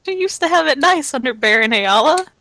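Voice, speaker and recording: A woman's voice: high-pitched, expressive, brisk, pushed and bright, slight background noise. A woman narrating as game master in a casual tabletop game, swearing and laughing as she talks. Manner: laughing, swearing, loose and chatty.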